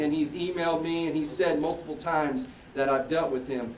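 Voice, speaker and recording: A man's voice: a little high, fairly even intonation, normal speed, hardly any pauses, darkish tone, a little hiss or hum. A man, an athletic director, giving a folksy press-conference speech full of thank-yous. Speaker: athletic director introducing a coach. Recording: roomy echo, voice from far off.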